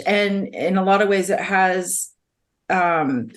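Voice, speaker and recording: An earnest woman on a conversational podcast, speaking openly and with feeling from personal experience. Her pitch sits in an ordinary middle range, and she circles back to the same phrases as she works through her thoughts. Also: takes it slowly. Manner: earnest and emotional, sighs, repeats herself. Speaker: podcast co-host sharing her own experience. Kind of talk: candid conversational podcast chat.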